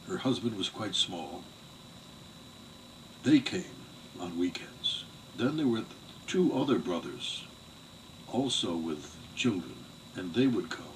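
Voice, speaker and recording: Older man, deep voice, measured storytelling. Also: big pitch swings. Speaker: interviewee recounting family history. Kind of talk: oral history reminiscence. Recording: distant mic with faint background noise.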